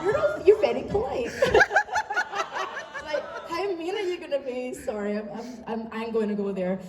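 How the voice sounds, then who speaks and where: Recorded on a phone from somewhere in the audience, this UK woman with a Scottish accent is running a convention panel in a big hall, joking at her own expense in a chatty way. Her voice is high and animated, at a normal speed, and the sound is far off and echoey, with the crowd audible.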